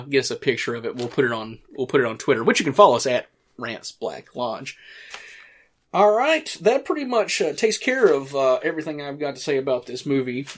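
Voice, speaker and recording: A man's voice: medium pitch, fairly bright tone. A man hosting a casual movie commentary podcast, rambling through his points with restarts, fillers and the odd swear word. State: hiccups. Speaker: podcast host.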